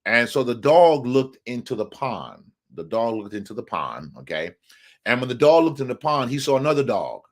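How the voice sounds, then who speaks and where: A man's voice: mid-range voice, sing-song, moderate pace. A man hosting a live relationship show, talking emphatically and often asking the viewers questions. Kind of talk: live talk on marriage, preacher-like.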